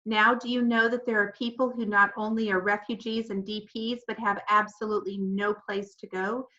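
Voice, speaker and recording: A woman voicing a tired, unshaven young man with a croaky voice, speaking gravely to children in an audiobook. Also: medium pitch, flat delivery, moderate pace, pushed and bright, dull audio, lightly acted. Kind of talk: audiobook character voice.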